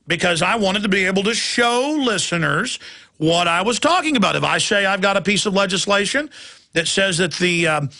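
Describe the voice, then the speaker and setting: A man's voice: high voice, vocal fry, pushed and bright. A man hosting a talk radio show, delivering an emphatic, ranting monologue.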